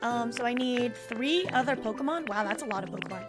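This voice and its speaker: Young woman, streamer, casual chat with viewers, higher voice, loud background music. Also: animated, brisk. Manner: chatty, reads out and answers chat, laughs often. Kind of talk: live game stream chat. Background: loud game music.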